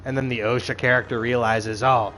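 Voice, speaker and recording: Recapping a show casually, a man rants in a profane, exasperated, animated way and performs quoted lines as asides. His voice is fairly high at normal speed, and the rough recording carries a little hiss or hum.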